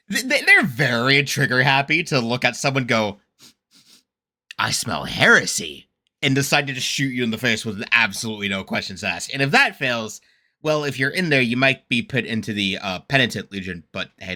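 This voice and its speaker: A man hosting a casual reaction video, rambling with frequent laughs, fillers and excitable, mock-indignant rants. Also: mid-range voice, fairly quick. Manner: rambling, laughs often, heavy use of fillers.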